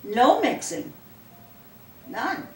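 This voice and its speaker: An older woman telling a long story in a relaxed, rambling way, looping back on herself with "I said" and "she said." She is taped from a distance in a roomy space, with a faint hum of background noise. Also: fairly high pitch, extremely slow. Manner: rambling, repeats "I said" and "she said" often. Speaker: interviewee. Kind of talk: casual storytelling.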